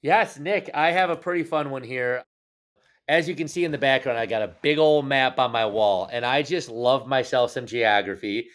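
A man's voice: medium pitch, moderate pace, fairly bright tone. A man in his thirties co-hosting a podcast, bantering and teasing his co-hosts in a playful, jokey way. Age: 30s. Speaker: podcast co-host.

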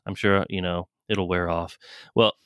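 Man, low voice, rambling storyteller, laughs a lot, dry close sound. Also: fairly even intonation, unhurried, clear, resonant tone, dry recording. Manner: rambling, laughs often, swears. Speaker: podcast co-host. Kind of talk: casual storytelling chat.

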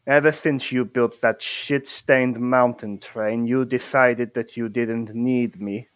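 A man voicing a smug, menacing villain who speaks slowly and gloatingly. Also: medium pitch, steady tone, lightly acted.

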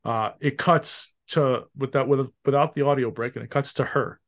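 Man, podcast host, excitable casual chat, mid-pitched voice, swears, restarts sentences. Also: moderate pace. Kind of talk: casual chat about a film.

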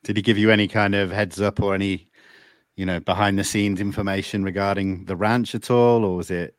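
A man's voice: fairly low pitch, steady tone, brisk, dry recording, clean studio sound. A man hosting a casual interview, asking questions hesitantly with many fillers and false starts. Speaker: podcast host.

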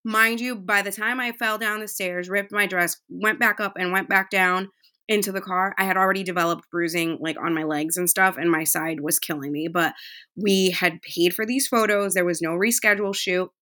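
A woman in her thirties talks in a casual, heartfelt monologue, chatty and full of fillers. Her tone is bright and forward, and her pitch sits in a middle range. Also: steady tone, moderate pace. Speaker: podcast host.

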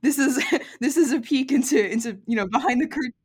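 A woman's voice: high voice, a little mellow, husky. Enthusiastic young woman podcast co-host. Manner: quick, enthusiastic banter with fillers. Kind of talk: casual chat.

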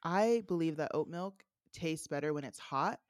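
A woman's voice: deep voice, animated, normal speed, dry recording, studio quality. Rambling woman co-hosting a podcast, full of fillers. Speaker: podcast co-host. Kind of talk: casual chat.

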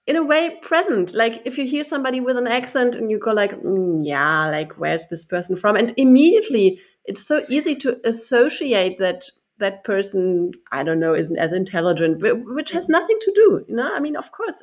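A woman's voice: a little high, animated, normal speed. Hesitant woman thinking aloud. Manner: hesitant, searches for words, laughs often. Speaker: discussion participant. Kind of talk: casual conversation.

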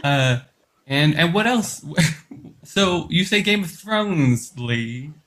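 A man leading a tabletop game session at an unhurried pace, his voice sitting a little high for a man. He stops and restarts often, and soft music plays underneath. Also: animated. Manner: halting, lots of fillers and restarts. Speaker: game master. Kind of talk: running a tabletop game podcast.

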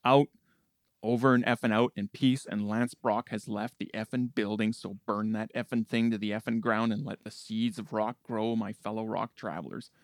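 A man's voice: lowish voice, steady tone, normal speed, dry recording, clean studio sound, lightly acted. A man playing a brash, foul-mouthed male rock-show host who swaggers, insults people and says "effing" constantly in a comedy bit. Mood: boastful.

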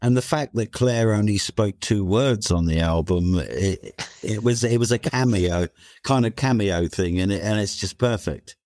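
A man's voice: fairly low pitch, normal speed, a little mellow, dry recording, studio quality. A man, a band member, speaking admiringly about a song in a podcast conversation.

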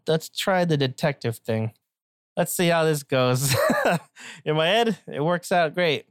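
A woman's voice: sits low, animated, unhurried, dry recording, clean studio sound. A woman improvising a silly comic story in a rambling, self-mocking way.

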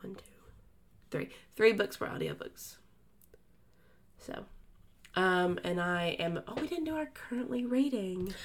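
A woman co-hosts a casual book podcast in a middle-pitched voice. She talks in a loose, chatty way and circles back on herself with frequent fillers and restarts. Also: lively intonation, unhurried, long pauses.

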